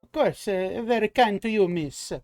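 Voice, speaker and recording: A man's voice: sits high, moderate pace, a little mellow, dry recording, studio quality, soft background music, pitched above the performer's own voice. A man voicing a pushy, cheerful male rat-folk baker with a put-on Italian accent. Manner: brash, haggling, calls everyone boss.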